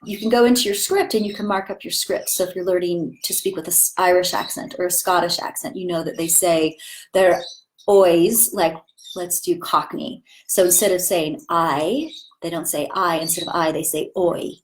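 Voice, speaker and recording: A woman's voice: on the low side, fairly even intonation, moderate pace, poor audio. A woman acting teacher talking casually and with enthusiasm about voice training, demonstrating vowel sounds as she goes.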